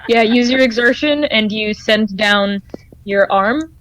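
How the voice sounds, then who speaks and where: A woman narrating as game master of a tabletop game over voice chat, casual and drawn out with pauses. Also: a little high, crowd noise, low-quality recording.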